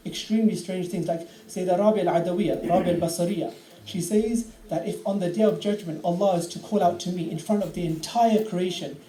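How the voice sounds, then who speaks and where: Heard from far off in the echoey hall of an Islamic centre, with faint ambient sound, a high-pitched man speaks briskly. His lecture is impassioned and story-driven, and when he quotes prayers he bursts into loud cries.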